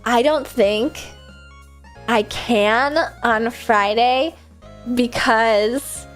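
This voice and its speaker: A woman's voice: on the high side, drawn-out words, faint music behind. A young American woman hosting a livestream, chatting casually and reading chat aloud, bubbly, laughing often and swearing freely. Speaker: livestream host.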